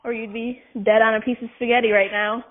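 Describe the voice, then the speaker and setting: A woman's voice: fairly high pitch, level tone, a little fast. A young woman co-hosting a podcast, telling stories in a playful, teasing, laughing way. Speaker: podcast co-host. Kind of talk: casual storytelling chat. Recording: tinny phone-like sound.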